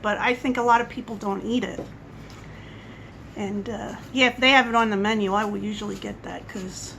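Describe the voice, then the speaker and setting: Bright chatty woman vlogger. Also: on the high side, creaky, a little hiss or hum, rough recording. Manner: rambling, chatty, goes off on tangents. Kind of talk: casual coffee-chat monologue.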